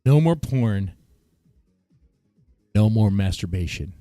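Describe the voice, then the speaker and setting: A man's voice: on the low side, expressive, slow pace, warm tone, no echo. A man streaming live, reacting with bemused chatter to his viewers and stammering when surprised. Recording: dry close mic with faint guitar music.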